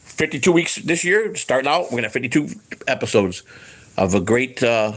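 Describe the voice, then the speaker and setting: A man's voice: medium pitch, expressive, fairly quick, fairly bright tone. A man hosting a casual livestream chat, rambling and profane, with lots of restarts, acting out what other people said. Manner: acts out quoted people in his voice. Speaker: host.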